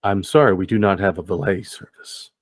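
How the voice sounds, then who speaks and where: A man voicing a calm, polite male dojo gatekeeper in a tabletop game, speaking formally and courteously. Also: low voice, brisk, no echo, clean studio sound. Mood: firm.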